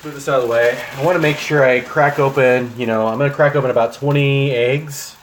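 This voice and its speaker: There's a slight hiss or hum behind this young man's steady, medium-pitched voice as he briskly chats with livestream viewers. He's cooking in his home kitchen and rambles along with frequent ums.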